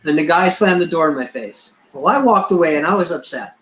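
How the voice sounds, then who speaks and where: A man's voice: a little high, animated, fairly quick, fairly bright tone. A middle-aged man, a researcher being interviewed, who tells a rambling story and acts out the dialogue he quotes. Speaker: Bigfoot researcher, guest. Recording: echoey room.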